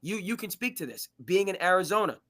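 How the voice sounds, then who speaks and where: A man's voice: sits high, fairly quick. A man hosting a live sports talk show, arguing his points with frequent restarts and stammers. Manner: animated, restarts and stammers often. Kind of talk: live sports debate chat.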